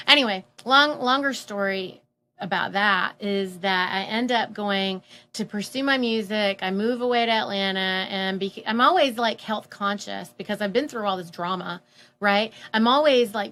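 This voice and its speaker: A woman casually telling a personal story, animated and full of fillers, acting out the voices of people she quotes. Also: mid-range voice, a little slow. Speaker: guest telling her story.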